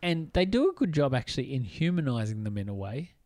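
A man chatting eagerly about films on a podcast, his voice sitting at an ordinary middle pitch. The recording is close and dry, with no room sound around him, and he leans on plenty of ums and likes as he talks. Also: sing-song, fast talker, darkish tone, no echo. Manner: chatty and enthusiastic, many fillers. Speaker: podcast co-host. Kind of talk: casual film discussion.

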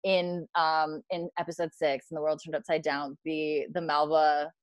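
A woman hosting a casual fan discussion, animated and acting out lines she quotes, with plenty of fillers. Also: sits low, moderate pace, no echo. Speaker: podcast host.

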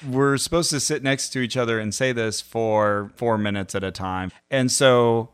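A man's voice: mid-range voice, moderate pace, clean tone. A man co-hosting a podcast, telling a story in casual chat with dry humor and frequent laughter. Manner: dry, amused, laughs often. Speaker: podcast co-host.

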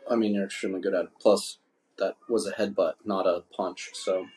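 A man's voice: deep voice, fairly even intonation, brisk, background noise. A man hosting a casual podcast chat, rambling and swearing freely. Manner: profane, rambling, laid-back. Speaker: podcast host. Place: indoors, drinking wine.

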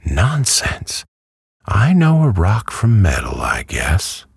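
A man voicing a brisk, self-assured talking hen, with a cackling manner and a raised, husky voice in a storybook reading. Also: sits low, very animated, dry recording, clean studio sound, pitched above the performer's own voice, full character voice. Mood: triumphant. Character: chatty, matter-of-fact talking yellow hen, female.

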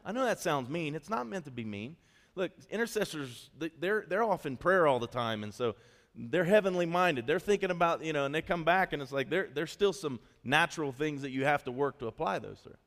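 A man preaching a sermon as pastor, telling a story in a lively, conversational way with quick asides. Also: a little high, in a large hall. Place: church hall.

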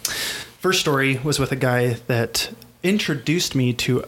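A man's voice: medium pitch, measured pace, fairly bright tone. Man co-hosting a casual podcast. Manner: joking, loose and conversational. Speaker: podcast co-host.

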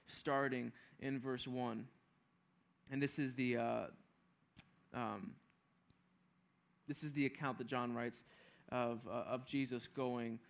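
Male preacher, sermon delivery, earnest, emphatic, frequent restarts, average pitch. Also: gravelly, fairly bright tone. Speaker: pastor. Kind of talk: sermon, reading and explaining scripture.

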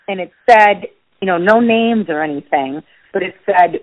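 A woman telling a personal story in conversation as a guest, vividly acting out the voices of others. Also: no room sound. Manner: animated, acts out quoted dialogue with big pitch jumps. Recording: dull lo-fi dry sound.

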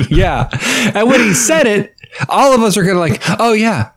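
In an unhurried, sing-song manner and a high voice, a thirty-something man co-hosting a laid-back podcast airs his frustrations. His sarcasm is exasperated, and he keeps bursting out laughing.

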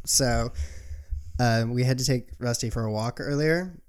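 A man's voice: medium pitch, unhurried, smooth. A young man co-hosting a podcast, telling rambling stories with frequent laughs and casual swearing. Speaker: podcast co-host. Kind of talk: casual chat.

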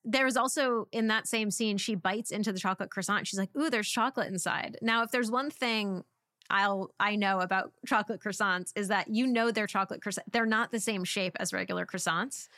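A woman's voice: mid-range voice, fairly even intonation, fairly quick, sharp tone, no room sound, clean studio sound. A woman in casual conversation, reviewing a film with lots of "like" fillers. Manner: chatty, frequent "like" fillers. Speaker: podcast co-host.

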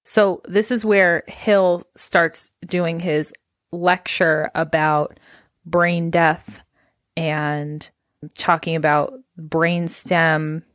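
A woman's voice: low voice, fairly even intonation, drawn-out words, no echo. Teasing young woman, dry close mic. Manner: teasing, laughs often. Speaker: podcast co-host. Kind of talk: casual movie-review chat.

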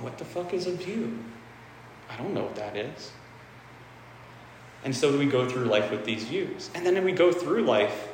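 A man's voice: mid-range voice, slight background noise. A man giving a casual, candid dharma talk, swearing freely and repeating phrases for emphasis. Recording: echoey hall with faint ambience.

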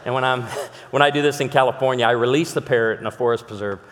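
A man's voice: medium pitch, fast, slight background noise. Male pastor, mid-range voice, jokey storyteller who turns earnest, long hall echo. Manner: animated, jokey anecdotes with sudden shifts to earnest appeal. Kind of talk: humorous sermon storytelling. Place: large hall with live audience. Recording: long hall reverb, live stage recording.

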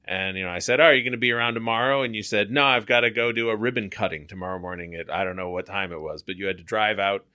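A man's voice: sits low, steady tone, fast talker, hardly any pauses, sharp tone, dry recording. A man hosting a casual chat, talking in a reflective, wry way. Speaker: host.

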